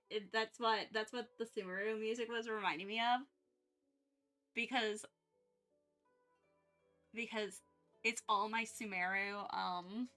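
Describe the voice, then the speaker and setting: A young woman with a bright, fairly high voice chats while she draws, rambling and laughing at herself. She talks in loose restarts and fillers, with faint music playing behind her. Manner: rambling, self-mocking, many fillers and restarts. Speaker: art streamer. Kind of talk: casual chat while drawing.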